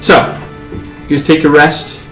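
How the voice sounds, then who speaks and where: A man narrating as game master of a tabletop game in an unhurried, descriptive way. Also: fairly high pitch, little pitch movement, a bit bright. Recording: echoey room, music behind.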